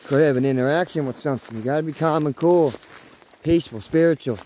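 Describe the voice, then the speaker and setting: 30s guy rambling on a woods hike, kinda high voice, bit of outdoor noise behind him. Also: fast talker. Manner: excitable, swears freely, talks to his dog. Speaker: outdoors vlogger. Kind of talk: casual walking vlog.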